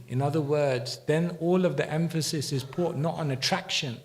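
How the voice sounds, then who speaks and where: A man's voice: on the high side, a little fast, few pauses. A man teaching a spiritual class, answering questions in a reflective, conversational way with frequent restarts. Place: temple hall.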